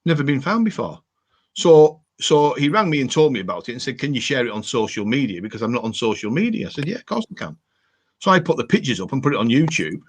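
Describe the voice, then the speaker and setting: A man's voice: mid-range voice, big pitch swings, fast. A middle-aged man from England hosting a live chat show, talking in a blunt, matey way and swearing freely. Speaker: host of a live detecting show. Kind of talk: casual live-stream chat.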